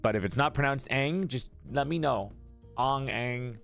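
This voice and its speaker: A man's voice: mid-range voice, animated, fairly quick, gravelly, fairly bright tone, faint music behind. A man streaming, chatting casually with his viewers, joking and teasing as he reads their messages aloud and answers.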